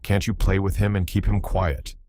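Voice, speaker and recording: A man's voice: low-pitched, level tone, moderate pace, warm tone, close to an everyday voice. A man voicing a fretful, complaining mother in an audiobook. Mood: peevish. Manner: peevish, complaining. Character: cross, fretful Southern mother.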